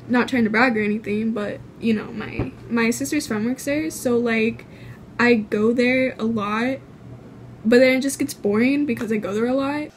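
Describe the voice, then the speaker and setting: A woman's voice: a little high, steady tone, moderate pace, a little hiss or hum. A woman from California telling a storytime vlog, rambling with lots of fillers and casual swearing. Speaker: vlogger.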